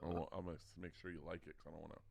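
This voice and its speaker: A man co-hosting a comedy podcast, talking loudly and excitedly and laughing often. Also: low-pitched, very fast, gravelly, a little hiss or hum. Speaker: comedian co-host. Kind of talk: casual podcast banter.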